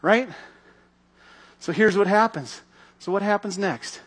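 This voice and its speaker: A man's voice: sits high, unhurried, husky. A man giving a sermon as pastor, telling a story animatedly and acting out its scenes.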